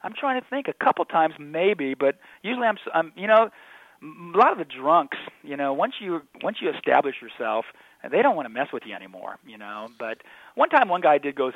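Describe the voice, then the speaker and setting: A quick-talking man calls in over a thin, tinny phone line. He tells his stories with energy, putting on the voices of the people he quotes. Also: a little high, no echo. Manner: animated anecdotes, acts out quoted voices. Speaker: comedy magician guest. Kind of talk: casual interview storytelling.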